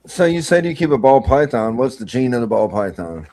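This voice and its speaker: A man's voice: mid-range voice, big pitch swings, a little fast, darkish tone, low-quality recording. A man hosting a casual podcast chat, joking around, swearing and greeting viewers. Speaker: podcast host.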